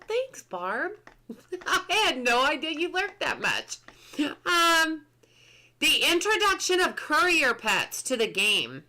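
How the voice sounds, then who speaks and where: A woman's voice: high-pitched, pushed and bright. A woman game streamer chatting casually on a live stream, reading patch notes aloud, answering chat and laughing often.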